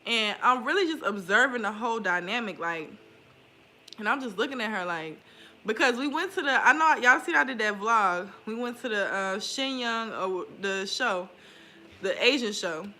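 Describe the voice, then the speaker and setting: A woman's voice: on the high side, expressive, moderate pace, bright, forceful tone. A young woman talking candidly in a casual vlog, swearing freely and laughing often. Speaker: spiritual vlogger. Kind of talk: casual confessional chat.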